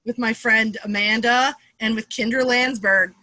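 A woman in her thirties from the Boston area, a comedian guest telling quick, animated stories and acting out what people said. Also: a little high, dry recording. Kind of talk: casual storytelling chat.

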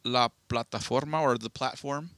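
A man's voice: mid-range voice, normal speed, a bit bright, no room sound. A man co-hosting a podcast, telling rambling, profane stories in casual chat. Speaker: podcast co-host.

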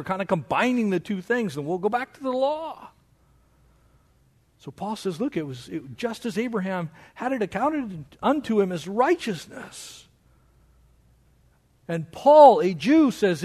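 A man preaching a sermon as pastor of his church, with animated delivery that mocks objections in a raised voice. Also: breathy edge. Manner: animated preaching, mocking quoted objections in a higher voice.

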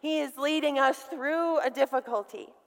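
A woman's voice: high voice, normal speed, gravelly, slight background noise. A middle-aged woman delivering a sermon to women, emphatic and calling on her listeners to repeat key words. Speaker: women's ministry speaker. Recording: long reverb from a hall.

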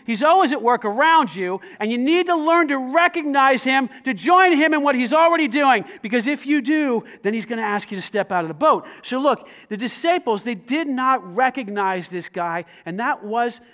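A man with a high voice preaching a sermon. He is animated, swinging between loud, emphatic lines and quiet asides. He talks conversationally and keeps asking the congregation questions. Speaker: pastor.

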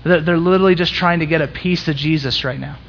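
A young man with a high voice preaching a sermon in a church. He talks conversationally but presses hard on his points and climbs to intense peaks. The sound is dull and lo-fi. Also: quick pace, creaky, slight background noise. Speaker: pastor.

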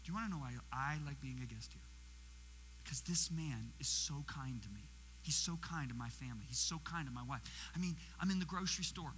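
A high, sharply bright male voice preaches as a guest speaker in his sixties. He tells his stories with acted-out quotes and direct questions to the congregation. The sound rings with the long reverb of a big hall, over a faint mains hum. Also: expressive, fairly quick, slightly rough. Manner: storytelling, acting out quotes and questioning the audience. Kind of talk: sermon.

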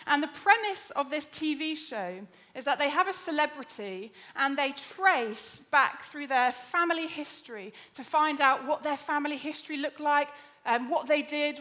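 A woman preaching a lively, chatty sermon in a church, joking with the congregation. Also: high-pitched. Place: church auditorium.

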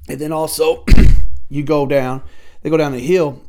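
A man's voice: a little high, steady tone, unhurried, dark tone. Young guy rambling thru a movie recap, keeps fixing himself, laid back podcast talk. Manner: rambling, self-correcting, loose and conversational. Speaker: podcast host reviewing a film. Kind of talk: casual spoken film recap.

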